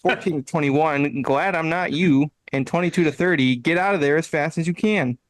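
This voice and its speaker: A man's voice: fairly high pitch, moderate pace, no echo, low-quality recording. A man co-hosting a casual podcast, reading website text aloud with playful emphasis and frequent laughter. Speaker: podcast co-host.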